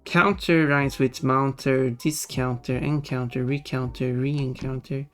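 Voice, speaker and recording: Livestreamer, casual chat, drawn-out pace, laughs a lot. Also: medium pitch, fairly even intonation. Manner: chatty, musing, laughs often. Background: faint background music.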